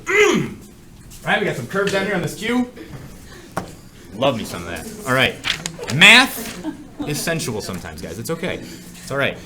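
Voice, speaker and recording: A man's voice: on the high side, huge pitch swings, measured pace, long pauses, crowd noise. A man teaching a math class in a classroom, joking around and asking students many questions. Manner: jokey and playful, asks the class many questions. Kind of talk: classroom lecture. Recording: echoey classroom with faint ambience.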